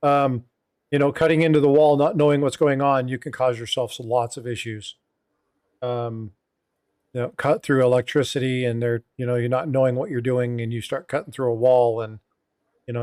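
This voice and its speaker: A man's voice: mid-range voice, darkish tone, no room sound, studio quality. A middle-aged man hosting a casual livestream chat, rambling with many fillers and asides. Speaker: host.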